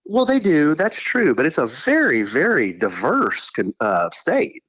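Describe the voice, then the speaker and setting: A man's voice: a little high, wildly swooping pitch, measured pace, a bit bright, slightly rough, dry recording. A man from Texas co-hosting a podcast while calling in, chatting in an easygoing, joking way. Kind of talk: casual chat.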